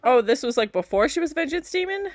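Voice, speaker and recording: A woman hosting a reaction video. She comments in an animated, chatty way and often squeals and laughs. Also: high-pitched, fast. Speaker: host.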